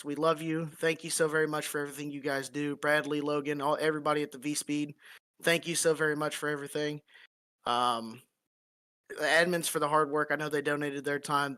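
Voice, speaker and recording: A man who just won a sim race, giving an earnest, grateful post-race interview in a halting way with many fillers over a headset. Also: fairly high pitch, pushed and bright. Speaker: race-winning sim racing driver.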